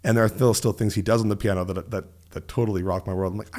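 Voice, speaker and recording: Lively, low-voiced man telling stories. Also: quick pace. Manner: animated storyteller who acts out quoted voices. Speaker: musician guest. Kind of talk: casual storytelling interview. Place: studio.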